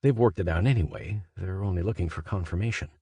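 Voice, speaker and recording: A man reading a literary story aloud as a first-person monologue. He speaks in a measured, conversational way and then rises into sudden emphatic questions. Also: low voice, dark tone, slightly rough, no room sound. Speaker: audiobook narrator. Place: studio booth. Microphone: close studio mic.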